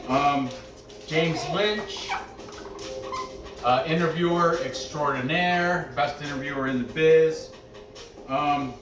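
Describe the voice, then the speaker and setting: A man's voice: mid-range voice, fairly even intonation, a little slow, far from the mic. A man hosting a sports betting picks show, talking in a loose, rambling way with lots of restarts. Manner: loose, chatty, frequent restarts and asides. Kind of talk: casual rambling commentary. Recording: roomy echo, off-mic, faint music behind.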